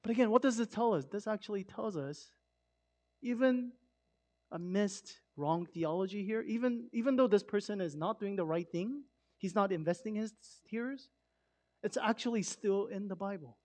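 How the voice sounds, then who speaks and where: A man preaches in a relaxed, talky way, leaning hard on key words and then dropping almost to a murmur. His voice sits notably high for a man. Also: moderate pace. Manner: conversational, emphatic with swings from loud to hushed. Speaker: pastor. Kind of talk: sermon.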